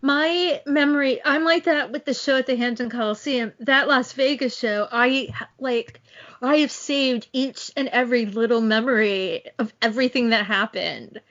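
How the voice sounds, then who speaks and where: High-voiced woman reminiscing, dull audio. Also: normal speed, a bit bright. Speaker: podcast co-host. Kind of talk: casual chat. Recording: dull lo-fi recording.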